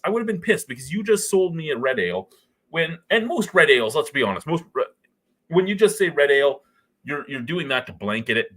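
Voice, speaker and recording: Profane, ranting man with a husky voice. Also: mid-range voice, sharp tone. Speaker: guest. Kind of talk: casual beer chat.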